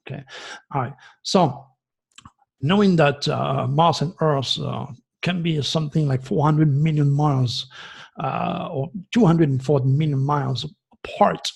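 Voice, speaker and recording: A man in his sixties from France, giving an agitated, preachy monologue that swings from loud outbursts to hushed asides. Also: on the high side, unhurried, vocal fry, breathy edge. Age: 60s. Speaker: astrologer host. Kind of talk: impassioned monologue.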